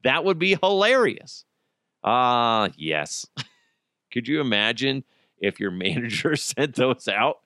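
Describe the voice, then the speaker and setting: A man's voice: mid-range voice, very animated, takes it slowly, pushed and bright, no echo, clean studio sound. A man hosting a podcast, rambling through a casual comic monologue with lots of swearing and laughing at his own jokes. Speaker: podcast host.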